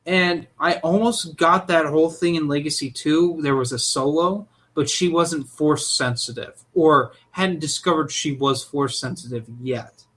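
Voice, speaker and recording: A young man co-hosting a casual podcast, talking in an animated, opinionated way. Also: on the high side, measured pace. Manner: animated, opinionated, jumps into loud mock voices. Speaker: podcast co-host.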